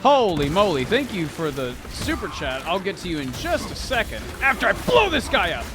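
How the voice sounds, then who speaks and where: A man streaming a video game and chatting as he plays, rambling from thought to thought and swearing freely. His voice sits a bit high and moves in a lively way. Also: normal speed, music in the background. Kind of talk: casual gaming stream commentary.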